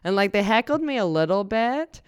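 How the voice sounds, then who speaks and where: A woman comedian tells a story in a lively, animated way and acts out the people in it. Her voice is smooth and very clear. The sound is dry and close. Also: medium pitch, no echo. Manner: animated, quick storyteller who acts out the people she quotes. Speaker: comedian guest. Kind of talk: casual storytelling.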